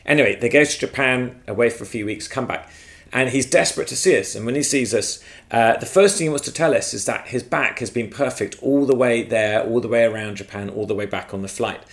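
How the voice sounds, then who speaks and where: A man with a gravelly, fry-tinged voice of middling pitch, telling a personal faith story in a lively, animated way. He is from England and was recorded outdoors at his home. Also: fairly quick. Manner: lively storyteller with shifting emphasis. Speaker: guest speaker. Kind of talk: storytelling testimony on video. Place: outdoors at their home, front yard.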